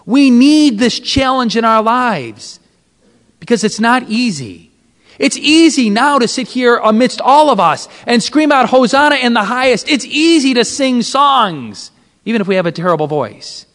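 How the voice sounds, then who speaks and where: A male priest delivering an impassioned sermon to men, his high voice leaping up and dropping low again. The sound carries a long hall reverb. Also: very animated, a little slow, fairly bright tone. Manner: impassioned, with dramatic swings of pitch and volume. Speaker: Catholic priest. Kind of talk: sermon at a men's retreat.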